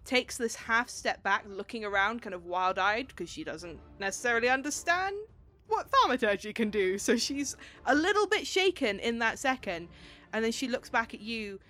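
Casual woman game master, higher voice. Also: moderate pace. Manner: casual, animated, swears and laughs. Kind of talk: narrating a tabletop game.

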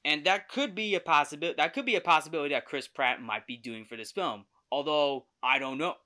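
A man's voice: on the high side, brisk, sharp tone. A young man hosting a podcast, chatting casually through a movie trailer review, often correcting himself and laughing easily.

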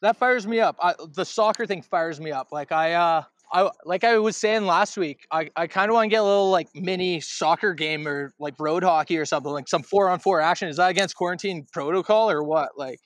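A man's voice: sits high, a little fast, few pauses, fairly bright tone, dry recording. A young Canadian man co-hosting a casual podcast, telling rambling stories full of restarts and swearing. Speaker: podcast co-host. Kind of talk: casual chat.

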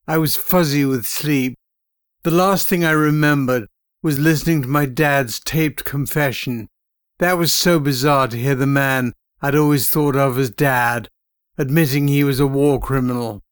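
A man reading a first-person audiobook in a steady, measured storytelling manner. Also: a little high, clear, resonant tone, no room sound, clean studio sound. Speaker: audiobook narrator.

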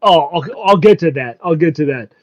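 A man in casual chat, excitedly recapping an anime episode, laughing constantly and swearing freely. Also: fairly high pitch, fairly quick, dry recording. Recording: dull lo-fi sound.

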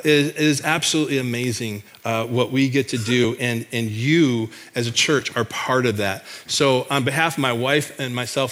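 Speaking in a mid-range, fairly bright voice, a man from Michigan describes his missionary work to a church congregation. He's eager and homespun, frequently starting his sentences over.

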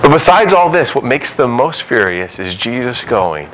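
A man in his thirties preaching a sermon, animated, acting out the voices in the scripture he reads. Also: medium pitch, moderate pace, few pauses, a little hiss or hum, rough recording. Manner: animated, dramatic reading of scripture and quoted voices. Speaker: pastor.

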